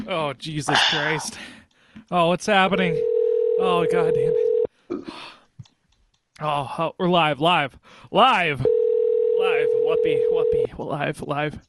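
A man hosting a live prank call radio show, groaning, excitable and repeating himself in casual banter. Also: a little high, slow pace, pauses often, heavy background noise. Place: home studio. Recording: music playing behind.

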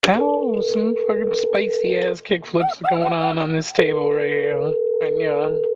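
A man's voice: fairly high pitch, a little slow. A young man chats casually on a live stream, rambling and cursing with a dry, sarcastic edge. His voice sounds somewhat muffled, with heavy noise running underneath. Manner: rambling, swears freely, deadpan sarcasm. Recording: muffled audio with loud background noise.

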